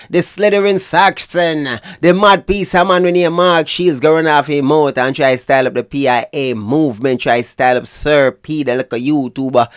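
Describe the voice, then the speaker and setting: A man's voice: fairly high pitch, lively intonation, normal speed, smooth, dry recording, studio quality. A man with a Jamaican accent giving hyped, mocking reaction commentary, sometimes chanting his lines. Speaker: vlog commentator.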